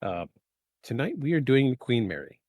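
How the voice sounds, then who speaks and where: A man hosting a live podcast in casual chat, rambling with many fillers and clearing his throat from allergies. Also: medium pitch, sing-song, moderate pace, darkish tone, dry recording. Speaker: podcast host. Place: home setup in the eastern US.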